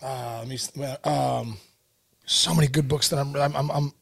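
A man's voice: medium pitch, fairly even intonation, vocal fry, breathy edge. A middle-aged man co-hosting a casual chat, laughing often and stumbling a bit while he lists things. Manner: laughs often, halting when listing. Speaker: podcast co-host.

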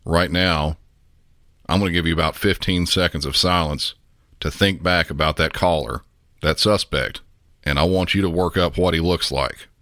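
A man from the Southern United States hosting a podcast, talking in a measured, instructive way and putting questions to the listener. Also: sits low, steady tone, a bit bright, no room sound, clean studio sound. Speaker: podcast host.

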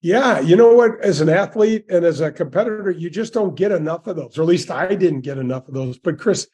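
Folksy sixties male guest, warm dark timbre, slightly high voice, eager anecdotes. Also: animated, fairly quick, husky. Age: 60s. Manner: folksy and enthusiastic, many restarts. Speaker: guest, former tour golfer. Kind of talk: storytelling interview.

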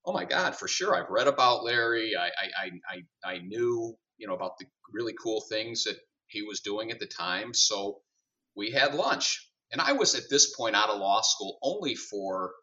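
Bright-voiced storytelling executive man. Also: lowish voice, moderate pace, distant mic, highs cut off. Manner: animated storyteller, acts out dialogue. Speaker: guest, company CEO. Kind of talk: storytelling in a podcast interview.

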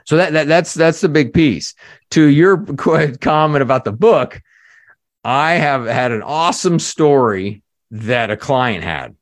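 A man, a leadership coach guest on a podcast, telling a story in a lively conversational way, full of "you know" fillers and acted-out quotes. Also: a little high, a little slow, no room sound.

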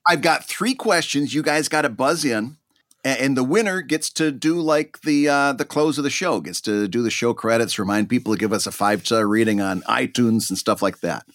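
A man's voice: normal speed, no room sound, clean studio sound. A man co-hosting a casual podcast, laughing often and running a quiz bit with some hesitation. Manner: laughs often, lively, hesitant when pitching ideas. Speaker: podcast co-host.

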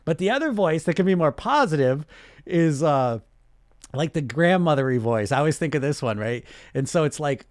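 A man coaching on weight loss in a casual, animated way, acting out inner voices, laughing and swearing now and then. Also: on the high side, brisk, no echo, studio quality.

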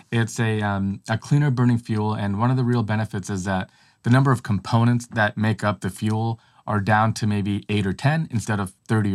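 A man co-hosting a casual talk show, chatting loosely with fillers and restarts. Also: on the low side. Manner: conversational, many fillers and restarts. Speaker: podcast co-host. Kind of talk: casual chat.

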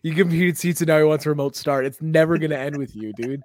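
A man hosting a podcast in casual chat, excitable and saying dude often. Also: fairly high pitch, fast, no room sound, clean studio sound. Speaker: podcast host.

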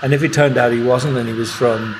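A man's voice: medium pitch, steady tone, a little fast. Chatty Irish man, noisy background. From Ireland. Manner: chatty, laughs often. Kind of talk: casual podcast chat. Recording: noticeable background noise.

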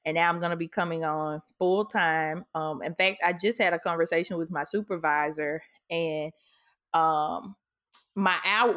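Candid woman with a lowish voice. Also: a bit bright. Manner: candid, emotional, with many restarts. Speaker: podcast co-host. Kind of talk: casual chat.

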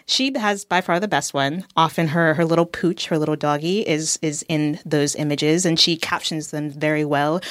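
A woman's voice: deep voice, normal speed, hardly any pauses, no echo, clean studio sound. A woman co-hosting a podcast in casual, playful chat. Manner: playful, animated storytelling. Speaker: podcast co-host.

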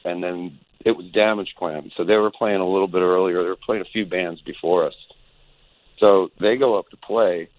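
A man's voice: deep voice, fairly even intonation, moderate pace, a little hiss or hum. A man telling a long rambling anecdote as a guest, acting out the quotes as he goes. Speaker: guest musician. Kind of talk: phone-in storytelling. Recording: tinny phone line.

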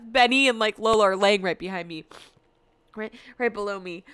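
A woman's voice: mid-range voice, normal speed, fairly bright tone, clean tone, dry recording. A young adult woman hosting a podcast at home, rambling in casual solo chat and swearing freely. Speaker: podcast host.

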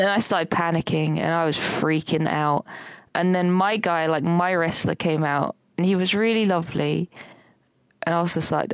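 A woman's voice: on the low side, normal speed, no echo. A woman co-hosting a podcast, telling a rambling dream story with lots of fillers and laughter. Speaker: podcast co-host recounting a dream. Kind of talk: casual chat.

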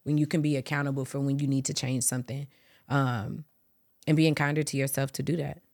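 Woman podcast host, low voice, expressive chatty delivery. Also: a little fast, gravelly. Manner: expressive, animated, swears casually. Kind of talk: casual chat.

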